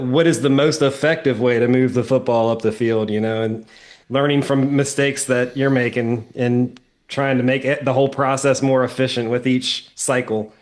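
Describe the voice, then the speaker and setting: Man asking loose, searching questions. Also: medium pitch. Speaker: host. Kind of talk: casual podcast chat.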